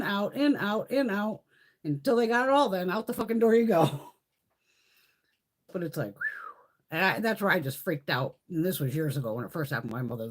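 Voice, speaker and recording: A middle-aged woman hosting a beauty livestream, chatting casually, swearing freely and answering viewers. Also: medium pitch. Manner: animated, swears freely, chats with live viewers.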